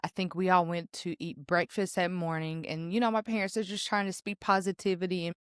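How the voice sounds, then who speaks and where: A woman's voice: fairly low pitch, level tone, a little fast, smooth, dry recording, clean studio sound. A young woman, hosting a podcast and candidly telling her own story with emotion. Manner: candid, emotional, addresses listeners as y'all. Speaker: podcast host. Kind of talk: personal storytelling.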